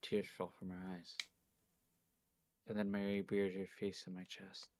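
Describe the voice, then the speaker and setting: A man's voice: deep voice, monotone, moderate pace, background noise. A man streaming a visual novel, reading its first-person narration aloud dramatically. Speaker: game streamer.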